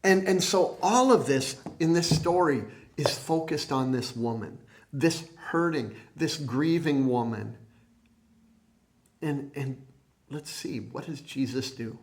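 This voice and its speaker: Male minister preaching; deliberate, slow, stop-and-start delivery, goes quiet on quoted lines. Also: medium pitch. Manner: slow, halting delivery with many restarts, dropping soft when quoting. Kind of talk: sermon.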